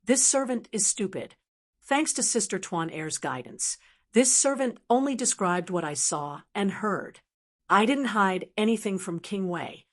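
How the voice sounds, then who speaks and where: A woman voicing a timid, servile male palace eunuch who replies softly and pleads in an audiobook. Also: medium pitch, expressive, measured pace. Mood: pleading.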